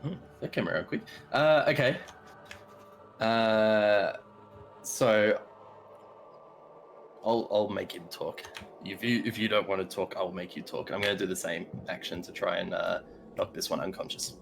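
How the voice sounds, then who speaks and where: A man playing in a tabletop game, declaring actions and rolls in quick, offhand talk. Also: on the low side, vocal fry, soft background music. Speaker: player.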